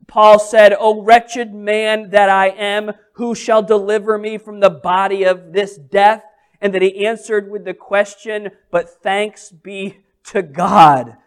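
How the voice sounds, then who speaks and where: A pastor delivers his sermon at an unhurried, deliberate pace. He stresses key words and repeats lines for weight. He poses rhetorical questions to his listeners. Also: high-pitched, smooth. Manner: slow, emphatic preaching with repeated phrases and rhetorical questions.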